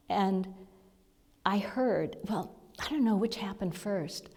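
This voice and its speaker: A woman minister giving a conversational sermon lesson, seated before the congregation, with soft, halting storytelling and breathy asides. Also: medium pitch. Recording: long reverb of a large hall.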